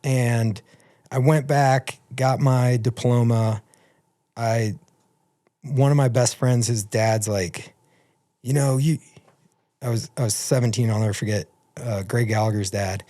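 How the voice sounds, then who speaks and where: A man's voice: mid-range voice, fairly even intonation, unhurried, pauses often, mellow. A man in his fifties telling rambling, profane anecdotes as a guest in a casual podcast chat. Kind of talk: casual storytelling.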